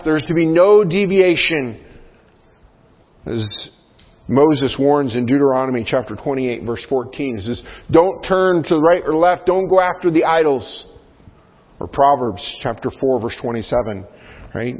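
A man, a pastor preaching a sermon, who rises in pitch and force to stress key points. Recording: phone-like sound in a reverberant hall.

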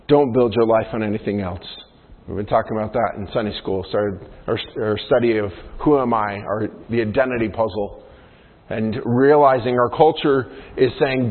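A male pastor delivers an earnest sermon, turning again and again to his congregation with questions. His voice sits at an ordinary pitch. The sound is thin and phone-like, trailing off in a long church-hall reverb.

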